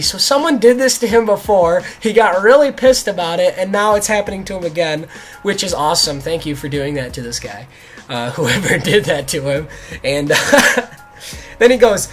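A young man recounting a story for his gaming channel, mocking and animated, with frequent laughter and casual swearing. His pitch swings widely as he tells it. Soft music runs faintly behind him. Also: moderate pace. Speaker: gaming YouTuber. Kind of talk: storytelling commentary.

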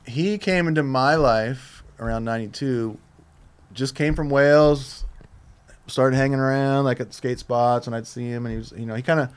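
A man's voice: medium pitch, normal speed, clean tone. A man in his fifties from Southern California, a podcast guest telling casual, profane stories full of restarts. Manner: loose and profane, with many restarts. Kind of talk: casual storytelling.

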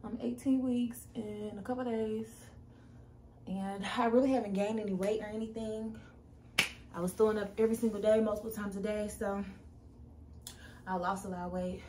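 A woman's voice: medium pitch, fairly even intonation, normal speed, long pauses, mellow. Young woman, casual vlog chat, talks straight to viewers, echoey home room, faint background hum. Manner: chatty, addresses viewers directly. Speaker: vlogger. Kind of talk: casual pregnancy update vlog.

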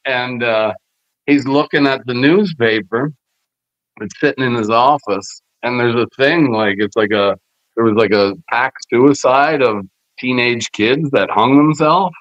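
A man from Canada, a guest wrestler telling rambling, animated stories with lots of fillers and swearing. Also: medium pitch, a little slow, no echo. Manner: animated storyteller who acts out other people's lines; rambling, with many fillers and profanity. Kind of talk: casual storytelling interview. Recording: slightly muffled dry podcast audio.

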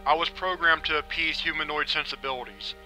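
A man voicing a literal-minded male robot, speaking in a flat monotone without natural inflection. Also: fairly high pitch, brisk, soft background music, low-quality recording. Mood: robotic.

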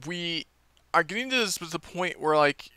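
A man talks through a movie trailer in a loose, rambling way, leaning on fillers and restarting his sentences. His voice is bright and very clear, recorded dry and close. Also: fairly high pitch, lively intonation, moderate pace, no room sound. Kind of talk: casual rambling review.

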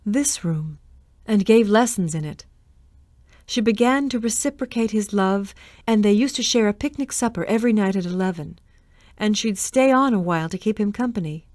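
A woman reading a storybook aloud in a measured, expressive way. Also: mid-range voice, no echo, studio quality. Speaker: reader. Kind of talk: storybook narration.

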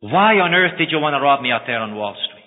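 A man voicing a wealthy middle-aged male lawyer who speaks calmly, gently and solemnly, told within a sermon. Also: medium pitch, fairly quick, natural voice. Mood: gentle. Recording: tinny phone-like line, echoing hall.

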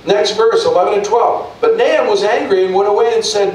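A man's voice: sits high, brisk, hardly any pauses, a little mellow, heavy reverb, distant mic, low-quality recording. A male pastor preaching a sermon in a conversational way, often restarting and repeating words.

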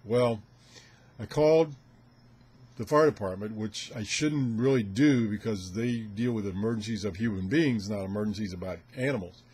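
An older man with a husky, slightly rough voice chats casually to camera as host of a ham radio show. He rambles along with chuckles and sounds a little out of breath. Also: on the low side, moderate pace, a little mellow.

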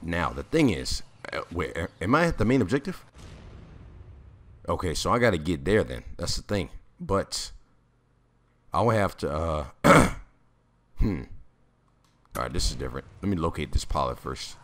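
Very deep-voiced male gamer, slightly raspy. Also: sing-song, moderate pace, pauses often. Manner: jumpy, with sudden loud exclamations. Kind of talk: casual gameplay commentary.

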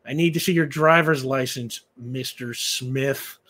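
A man voicing a weary, unimpressed female motel clerk who speaks curtly in a flat, bored way. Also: mid-range voice, unhurried.

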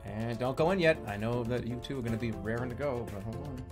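A man's voice: mid-range voice, fast. A man hosting a party game stream, bantering and joking in a mock-regal way with his friends. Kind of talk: casual banter over voice chat. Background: game music.

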